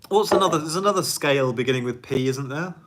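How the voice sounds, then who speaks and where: A man's voice: mid-range voice, fast talker, fairly bright tone, slight background noise. A man, a music producer, answering viewer questions in a casual, rambling livestream chat and laughing often at himself. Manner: rambling, chatty, laughs often, self-deprecating.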